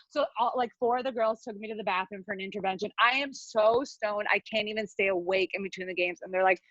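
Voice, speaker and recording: A young adult woman telling a comic personal story over a video call, rambling with quick asides. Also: mid-range voice, fairly bright tone, no room sound. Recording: dry, dull lo-fi video call audio.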